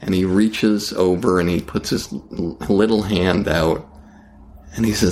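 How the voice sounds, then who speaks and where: A male comedian spinning a story in conversation, with a low voice and an unhurried delivery. He acts out scenes and restarts his sentences as he goes. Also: steady tone, darkish tone, a little hiss or hum.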